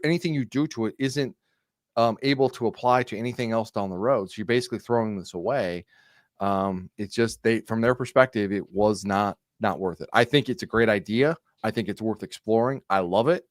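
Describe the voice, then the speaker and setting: A man co-hosting a sports podcast, relaxed and amused, talking with plenty of ums. His mid-range voice sits close on a dry, unreverberant mic. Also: medium pitch, dry recording. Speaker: podcast co-host. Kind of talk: casual sports podcast chat.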